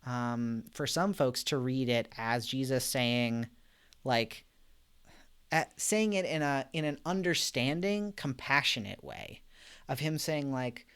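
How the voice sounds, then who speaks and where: Guy hosting a live bible study stream, chill and chatty, lots of um and like, laughs softly. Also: mid-range voice, takes it slowly, smooth. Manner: casual and conversational, many fillers and soft laughs; gentle, reflective, reads out viewer comments.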